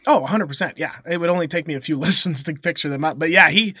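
A husky, slightly high-voiced man talks fast as he co-hosts a relaxed podcast, spinning a funny story with lots of laughs. Animated and often laughing, he acts out voices; the studio recording is dry.

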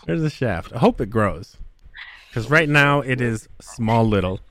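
A man's voice: medium pitch, expressive, measured pace, a bit bright. A man hosting a casual podcast, ranting about a game with constant profanity and mockery. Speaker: podcast host. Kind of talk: crude casual podcast chat.

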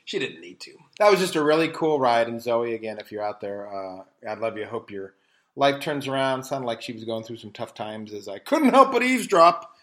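A man's voice: mid-range voice, very animated, normal speed, fairly bright tone. A man co-hosting a podcast, telling stories in casual chat with many restarts. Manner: rambling storyteller with many restarts. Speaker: podcast co-host.

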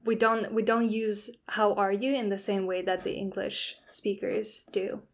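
A woman who is a native Russian speaker, a podcast guest explaining language and the brain in a relaxed way, with many "you know" fillers. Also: mid-range voice, a little slow. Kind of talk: casual podcast interview.

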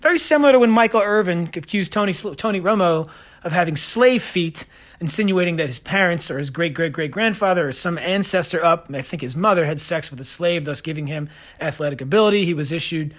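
Combative high-voiced man ranting. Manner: combative, sarcastic, fast-talking. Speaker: podcast host. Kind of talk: opinionated solo podcast rant.

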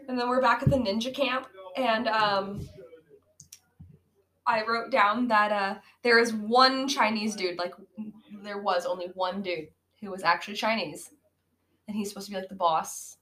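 A woman's voice: mid-range voice, fairly even intonation, unhurried, sharp tone, rough recording. A woman co-hosting a casual podcast, rambling through a bad movie's plot with many fillers and frequent laughs. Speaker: podcast co-host. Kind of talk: casual movie-riffing chat.

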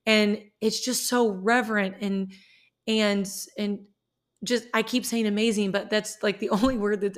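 A woman who teaches middle school, talking about her faith in a personal vlog, earnest and heartfelt, often restarting her sentences. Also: mid-range voice.

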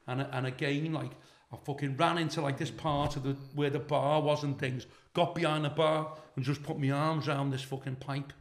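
A middle-aged comedian, appearing as a guest, tells anecdotes while swearing freely and laughing along. His voice is a little high and gravelly, delivered at normal speed with few pauses. The room gives a noticeable echo.

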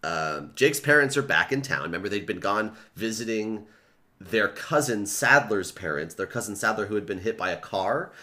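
A man's voice: lowish voice, normal speed. A man hosting a podcast, casually recapping a book's plot with lots of "like" and swearing. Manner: relaxed storytelling, peppered with "like" and swearing. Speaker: podcast host. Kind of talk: casual book recap chat.

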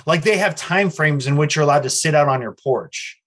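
A fairly high-voiced American man co-hosting a loose, foul-mouthed podcast. He reads news items aloud and breaks off into crude, animated rants between them. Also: brisk. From United States. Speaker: podcast co-host. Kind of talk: casual profane podcast chat. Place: Los Angeles area.

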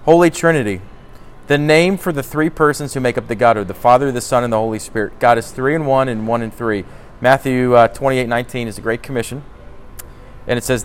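A man's voice: mid-range voice, a little fast. Earnest man teaching the Bible informally. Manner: earnest, thinking aloud, frequent restarts.

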